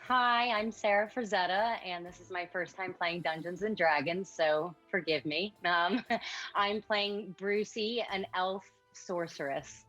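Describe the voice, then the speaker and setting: A woman's voice: on the low side, a little slow, fairly bright tone, lo-fi sound, faint music behind. A woman introducing herself as a new player in a tabletop game, hesitant, with many fillers. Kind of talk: casual self-introduction.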